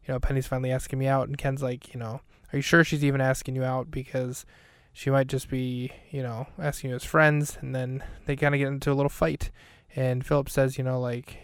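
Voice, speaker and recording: A man's voice: mid-range voice, level tone, normal speed, clean tone, no echo, studio quality. A man hosting a podcast, recapping an episode in a casual, rambling way, full of fillers and self-corrections. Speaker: podcast host.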